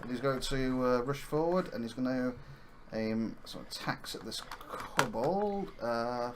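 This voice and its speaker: A man describes his character's moves in a tabletop fantasy game, pausing often on fillers as he thinks. His middle-pitched voice carries a faint hiss in the background. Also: expressive. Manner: hesitant, many fillers. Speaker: player.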